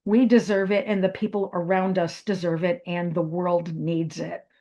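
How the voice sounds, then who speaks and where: A woman's voice: on the low side, little pitch movement, moderate pace, mellow. A woman giving a reflective talk on meditation, speaking with fillers and restarts. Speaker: meditation teacher. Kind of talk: spoken wellness talk.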